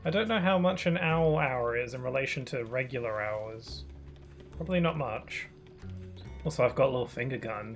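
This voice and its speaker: A man's voice: mid-range voice, normal speed, faint music behind. A man streaming a game, chatting casually with many fillers and restarts. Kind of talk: casual gameplay commentary.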